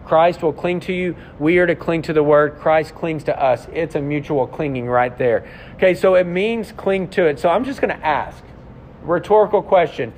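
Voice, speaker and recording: A man, a pastor, preaching a sermon in a conversational, confessional way, with rhetorical questions to his congregation. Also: moderate pace. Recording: slightly muffled sound with faint rumble.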